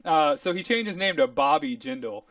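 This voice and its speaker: A man hosts a casual podcast chat, animated and mocking. His voice sits a little high. The mic is dry but set back, giving a slightly distant sound. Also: normal speed, dry recording. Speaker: podcast host.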